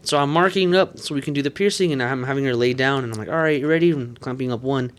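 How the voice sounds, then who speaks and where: A man's voice: medium pitch, quick pace. A man, a body piercer, casually telling crude shop stories with lots of swearing and laughter. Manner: profane, laughing, animated storytelling. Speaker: piercer and podcast host. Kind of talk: casual storytelling chat.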